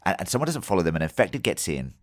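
Deep-voiced man hosting a podcast. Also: very animated, quick pace, no room sound, studio quality. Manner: loose, swearing, filler-heavy storytelling. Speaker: podcast host. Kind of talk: casual podcast chat.

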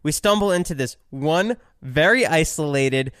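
Man, casual chat co-host, chimes in with corrections and details, smooth clear voice, slightly high, dry sound. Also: animated, normal speed, fairly bright tone, no room sound. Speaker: podcast co-host.

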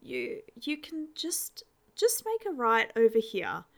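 Woman narrator voicing a wistful teenage girl, soft, halting delivery, slightly gravelly. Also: a little high, wildly swooping pitch, heavily acted. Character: sad, quiet teenage girl with a secret.

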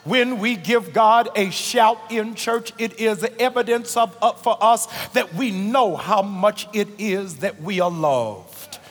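Male pastor, high voice, preaching in a big reverberant church, music under him; teaching builds to shouting. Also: takes it slowly, few pauses. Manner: frequent "uh" fillers and "here it is" asides. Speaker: senior pastor. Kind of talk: sermon. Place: large church sanctuary.

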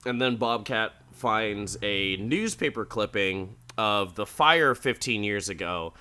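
A man's voice: fairly low pitch, animated, slow, bright, forceful tone, clear, resonant tone. A man casually recapping a TV episode with chatty, crude, laughing asides. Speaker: podcast host recapping an episode.

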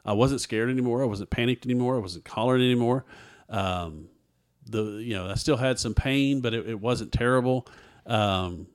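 A man of medium pitch, speaking at a normal speed, sits as an interview guest and sincerely relates a personal story. Along the way he performs other people's dialogue.

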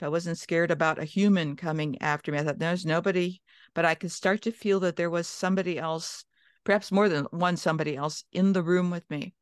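A woman's voice: lowish voice, clear, resonant tone, no room sound, studio quality. A woman from Minnesota telling a long personal story as an interview guest, chatty, with restarts and quoted inner thoughts.

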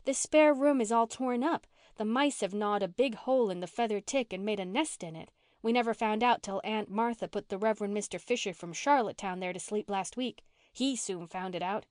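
A woman's voice: mid-range voice, fairly quick, a little mellow, dry recording, studio quality, lightly acted. A woman reading an audiobook and voicing a cheerful, dramatic minister's daughter who speaks eagerly.

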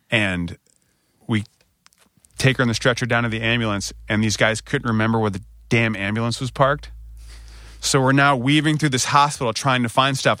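A man in his thirties, a podcast co-host, telling a candid story and jumping up in pitch when he quotes himself. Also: dry recording, clean studio sound. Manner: animated retelling, voice rising when quoting himself.

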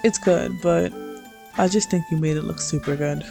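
In a fanfic reading over music, a woman voices a scruffy, stern man who is gruff yet gentle. At normal speed, she delivers plain, low words of reassurance.

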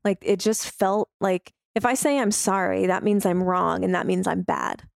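A woman with a mid-range voice and a gravelly edge shares a personal story. She speaks openly and from the heart, with casual fillers throughout. The recording is dry and close. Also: mid-range voice, fairly even intonation, moderate pace, dry recording. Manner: heartfelt, open, with fillers like "like" and "you know".

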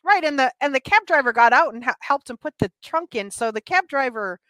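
Co-host, female, fairly high voice, laughs easily, dry room. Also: lively intonation, a little fast, fairly bright tone, no room sound. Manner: chatty, laughs often. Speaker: podcast co-host. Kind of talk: casual movie review chat.

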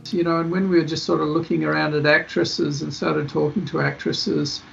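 Man rambling as interview guest, gravelly, slightly high, dull lo-fi audio. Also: little pitch movement, fairly quick, fairly bright tone, soft background music. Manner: rambling, many fillers and restarts. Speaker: film director guest. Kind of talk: casual interview chat.

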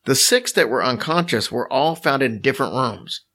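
A man's voice: medium pitch, animated, normal speed, fairly bright tone. A man co-hosting a podcast, telling a story in casual chat with a wry, joking manner. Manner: wry, joking, recounts a story from his notes. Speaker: podcast co-host.

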